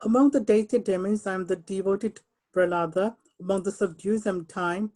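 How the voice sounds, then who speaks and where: A woman reads scripture translations aloud to a group over a computer call. Her voice is warm and mellow, her delivery measured and careful, and she sometimes trips over long names. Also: medium pitch, steady tone, poor audio. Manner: slow, careful reading with stumbles and apologies. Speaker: reader of English translation. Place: someone else's home, on an unfamiliar computer.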